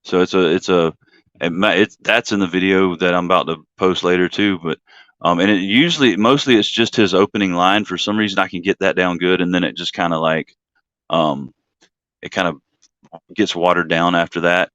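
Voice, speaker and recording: A man's voice: deep voice, fairly even intonation, normal speed, fairly bright tone, no room sound. Rambling male stream host, dry lo-fi sound. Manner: rambling, laughs often, self-deprecating. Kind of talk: casual live-stream chat.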